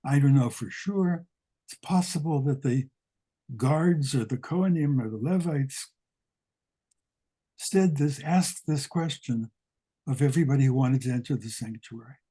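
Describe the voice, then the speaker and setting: Slow, husky older man teaching. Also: mid-range voice, warm tone, rough recording. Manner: asks many rhetorical questions, unhurried with pauses. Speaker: guest rabbi teaching. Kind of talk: slow, questioning lesson on a psalm.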